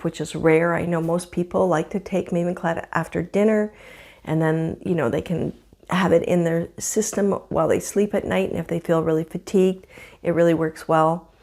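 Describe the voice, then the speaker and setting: Chatty woman with a rough morning voice. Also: on the low side, steady tone, moderate pace, darkish tone. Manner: chatty and candid, laughs often. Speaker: vlogger. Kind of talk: casual personal vlog. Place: home, indoors.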